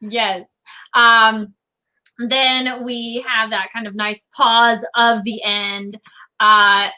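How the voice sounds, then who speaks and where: Bright, animated woman hosting. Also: on the high side, drawn-out words, smooth, rough recording. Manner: animated, acts out characters' lines in quotes. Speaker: host. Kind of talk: casual discussion.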